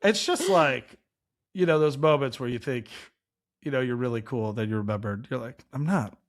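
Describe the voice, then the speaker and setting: A man co-hosting a chat show, telling a long story in a loose, animated way with lots of filler words. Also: medium pitch, normal speed. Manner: animated, rambling, heavy use of "like". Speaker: podcast co-host, chef.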